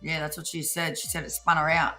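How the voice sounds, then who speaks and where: Australian woman, live-stream co-host, bright chatty voice, playful teasing tone. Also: deep voice, level tone, fairly quick, soft background music. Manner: chatty, teasing, laughs often, Aussie slang. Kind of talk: casual live-stream chat.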